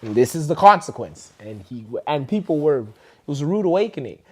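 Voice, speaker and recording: A Canadian man telling a story in a relaxed interview. His voice sits at a middle pitch, but it jumps high and loud whenever he quotes someone. The talk is casual, full of "you know" and "like". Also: fairly quick, husky. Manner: animated, acts out quoted people in a raised voice. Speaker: dance teacher telling a story.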